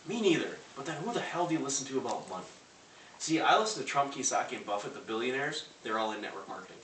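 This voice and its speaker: A young adult network marketer talks fast in a slightly bright, mid-range voice with big pitch swings, delivering a brash sales presentation and throwing punchy rhetorical questions at his live crowd. He's recorded in a large room of a house, with a distant, roomy sound and faint hiss.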